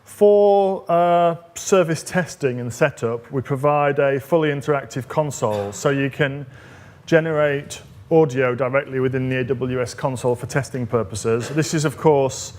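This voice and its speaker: A man's voice: medium pitch, moderate pace, darkish tone, a little hiss or hum. Man walking through a live tech demo. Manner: conversational, explaining step by step with frequent fillers. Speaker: technical evangelist presenting a demo. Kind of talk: live coding demo presentation.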